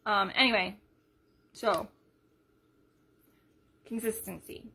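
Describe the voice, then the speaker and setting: A woman leading a sales team in a casual live video, chatty and energetic, retelling conversations as she goes. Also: medium pitch, takes it slowly, a little hiss or hum. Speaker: team leader.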